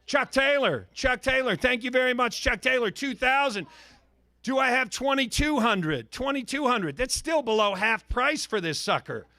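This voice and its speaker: A man with a high, ringing voice runs a charity auction, firing off bid calls in energetic patter. He jokes and needles the bidders by name. The sound is dry and close, with no room around it. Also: normal speed, no room sound.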